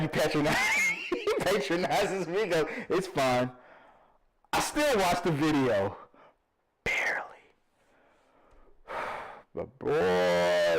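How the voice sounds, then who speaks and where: Male vlog host, mid pitch, very lively swings, jokey and stammering. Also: gravelly, slight background noise, rough recording. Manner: animated, laughing, jokey, self-deprecating; stammers and repeats words. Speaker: channel host reading viewer comments. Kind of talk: casual comment-reading vlog.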